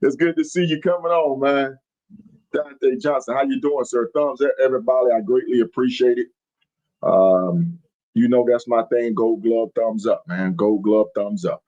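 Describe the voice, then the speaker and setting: A man's voice: mid-range voice, moderate pace, warm tone, dull audio. A middle-aged man hosting a live podcast from the road, folksy and hyped, greeting viewers by name over and over. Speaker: podcast host. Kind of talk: live-streamed podcast chat. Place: on the road while traveling.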